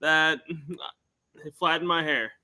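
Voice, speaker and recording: Bright, higher-voiced joking male co-host. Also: fairly even intonation, slow pace. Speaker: podcast co-host. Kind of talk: casual watch-party chat.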